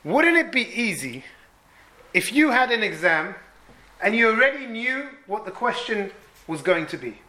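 A man giving a Torah class as a rabbi, telling stories with Hebrew terms and earnest emphasis that rises, then drops to hushed tones. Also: high-pitched, sing-song, moderate pace, poor audio.

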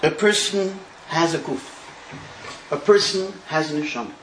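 Man, Talmud teacher, high voice, animated storytelling, echoey room. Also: moderate pace, background noise. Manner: animated storytelling with Hebrew terms. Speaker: Torah teacher. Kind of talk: Talmud class.

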